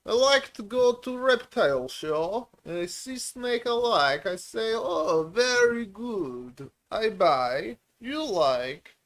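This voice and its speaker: Brief: a man putting on a squeaky, halting broken-English buyer, comic and eager. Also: expressive, fairly bright tone, full character voice. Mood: playful. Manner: halting, clipped broken phrases.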